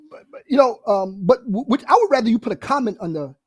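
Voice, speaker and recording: Fast-talking rambling podcast guy. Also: high-pitched, husky, dry recording. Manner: rambling, animated, lots of filler and bro. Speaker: podcast co-host. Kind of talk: casual chat.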